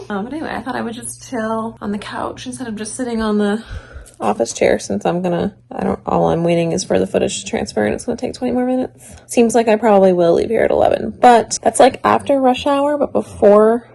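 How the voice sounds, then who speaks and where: A woman's voice: medium pitch, creaky, dark tone. A young adult woman vlogging in a casual, rambling way, sounding tired. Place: home or small office room.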